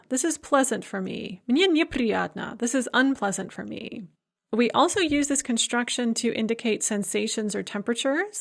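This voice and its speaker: High-voiced woman giving a careful lecture. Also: vocal fry. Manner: slow, careful enunciation of example phrases; explanatory, repeats key points. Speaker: Russian language lecturer. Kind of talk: recorded lecture.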